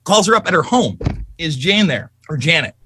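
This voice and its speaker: A man telling stories in a heated, profane political rant, loudly and emphatically angry. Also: a little high, a little hiss or hum. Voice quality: profane, fast and animated.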